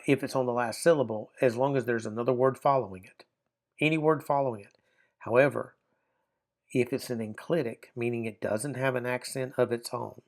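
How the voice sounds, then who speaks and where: A man teaching a grammar lesson, explaining step by step with frequent fillers and restarts. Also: medium pitch. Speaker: Bible language teacher. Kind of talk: classroom grammar lecture.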